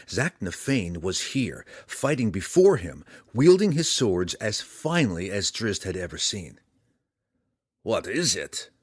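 A man reading a fantasy audiobook aloud, in a dramatic, lively way. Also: fairly low pitch, unhurried, hardly any pauses, slightly rough, no room sound, clean studio sound. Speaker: audiobook reader.

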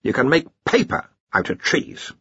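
A man voicing a blustering older male wizard archchancellor, booming and hearty, in an audiobook. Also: normal speed, bright, forceful tone, no room sound, dull audio, natural voice. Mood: musing. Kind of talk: audiobook character voice.

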